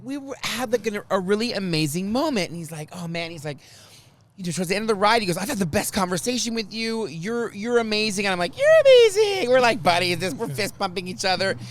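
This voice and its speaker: A man hosting a podcast in casual chat, an animated storyteller who acts out quotes loudly. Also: high-pitched, quick pace. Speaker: podcast host.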